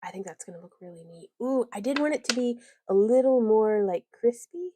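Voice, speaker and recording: A woman's voice: on the high side, expressive, fairly quick, mellow, no echo. A woman hosting a casual crafting livestream, rambling, giggling often and reading viewer comments aloud.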